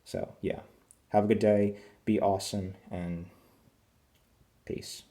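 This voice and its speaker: A man's voice: fairly low pitch, little pitch movement, slow pace, mellow. A man in his twenties ranting at home, crude and rambling, full of fillers, keeping his voice down early in the morning. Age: 20s. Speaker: vlogger. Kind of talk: rambling rant to camera. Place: at home indoors.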